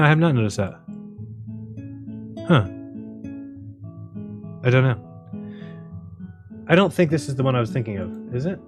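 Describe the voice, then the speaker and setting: A man hosting a casual livestream, rambling and joking, often laughing at his own jokes. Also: mid-range voice. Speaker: livestream host.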